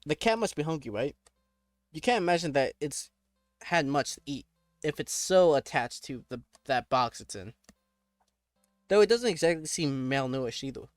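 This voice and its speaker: A young man reading a text adventure aloud, breaking off into quick, joking asides. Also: on the high side, no room sound. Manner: reads narration then reacts in quick, joking asides. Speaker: gamer.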